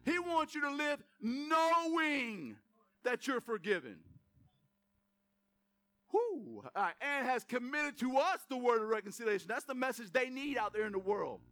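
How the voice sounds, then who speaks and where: A man preaching an energetic sermon in a church, speaking straight to the congregation with emphatic repetition. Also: very high voice, a little slow. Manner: fired-up, addresses congregation directly, emphatic repetition. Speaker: pastor. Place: church sanctuary.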